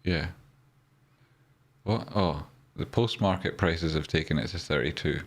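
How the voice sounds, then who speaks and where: A man's voice: sits low, unhurried. A man with a Scottish accent hosting a casual live stream about trading, chatty and joking as he reads out viewer comments. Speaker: livestream trading host.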